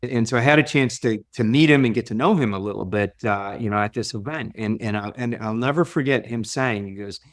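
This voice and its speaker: A man speaking as a guest in a podcast interview, telling stories with lively energy. His pitch is middling, and he keeps repeating and restarting words as his thoughts move forward. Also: fairly quick, few pauses. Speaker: leadership coach, podcast guest. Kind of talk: conversational interview storytelling.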